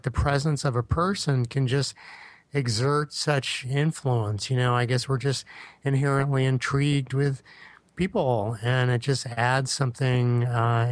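A man talks as a guest on a casual podcast, thinking aloud in an easygoing way. His voice sits in a middle pitch. The sound is dry and close. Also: no room sound. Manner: easygoing and reflective, with many fillers.

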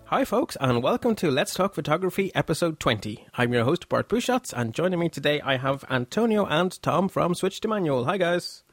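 A man's voice: on the high side, sing-song, normal speed, few pauses, faint music behind. A man hosting a photography podcast in a chatty, self-deprecating way, often restarting his sentences. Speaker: podcast host. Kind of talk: casual podcast chat.

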